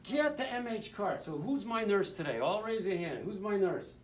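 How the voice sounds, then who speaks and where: A man's voice: sits high, expressive, moderate pace, a little hiss or hum. A man teaching nurses in a live lecture, joking and quizzing the audience as he goes. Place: lecture room. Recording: roomy hall, mic at a distance.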